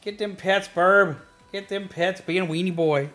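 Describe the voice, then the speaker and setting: Man, casual stream chat, high voice, music faint behind. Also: moderate pace. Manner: excitable, yelps at game action.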